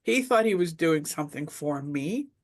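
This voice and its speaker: A woman's voice: deep voice, lively intonation, moderate pace, darkish tone. A middle-aged woman speaking as a webinar panelist, telling a reflective story in a casual discussion, with many fillers.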